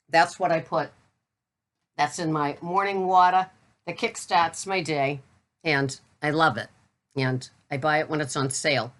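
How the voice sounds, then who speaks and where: A woman's voice: low-pitched, steady tone, measured pace, a bit bright. A middle-aged woman with a Boston accent, chatting casually and bluntly to camera about the food she buys. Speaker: keto vlogger. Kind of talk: casual product talk to camera.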